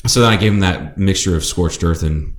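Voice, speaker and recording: A man's voice: sits low, fairly quick, a little hiss or hum. A man from Ohio co-hosting a podcast, telling stories in casual chat and swearing freely. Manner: profane, storytelling, swears freely. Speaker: podcast co-host. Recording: roomy echo.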